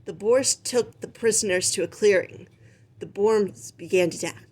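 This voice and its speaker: A woman reading a children's picture book aloud with expressive, animated storytelling. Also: medium pitch, normal speed. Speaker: storybook reader.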